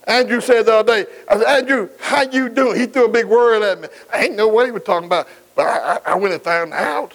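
A man's voice: sits high, low-quality recording. A man. He keeps calling out to the congregation for an answer. He stretches out each scripture quote and mixes in folksy asides. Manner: call-and-response preaching, drawn-out scripture quotes, folksy asides. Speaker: pastor. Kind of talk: sermon.

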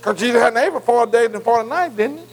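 A man with a high voice teaches a Bible class the way a preacher delivers a sermon. He talks earnestly and in plain, informal speech. He keeps leaving words for his listeners to fill in and checks in with them again and again. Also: expressive, racing, poor audio. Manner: call-and-response fill-in questions; repeated "am I right?" checks with listeners.

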